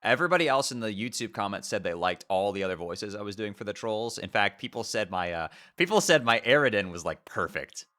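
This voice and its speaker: A man's voice: lowish voice, lively intonation, fairly quick, few pauses, bright, forceful tone. A young man streaming, chatting casually and joking between readings.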